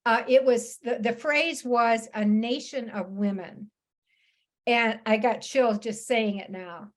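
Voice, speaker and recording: A woman speaking on a video call, telling a personal story in an animated, chatty way with frequent laughs. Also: a little high. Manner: animated, laughs often, many restarts. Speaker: author and psychotherapist, guest speaker. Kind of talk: casual storytelling talk. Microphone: laptop video call.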